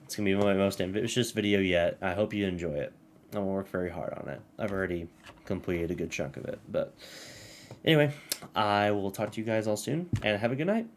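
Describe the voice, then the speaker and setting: Young guy ranting about games, fired up and cussing, kinda low voice, faint background noise. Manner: angry, swearing, laughing while reading aloud. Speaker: gaming commentator. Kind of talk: casual rant to camera.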